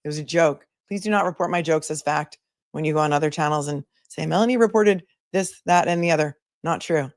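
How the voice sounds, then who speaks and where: A woman's voice: sits low, fairly quick, no room sound, clean studio sound. A woman attorney hosting a live commentary stream, chatting casually and sarcastically while reading viewer comments aloud.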